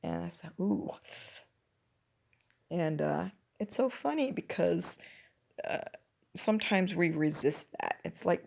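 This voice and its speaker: A woman hosting her own show, speaking in a reflective personal monologue, her voice croaky and her thoughts coming in halting restarts. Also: on the low side, lively intonation, darkish tone. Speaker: podcast host.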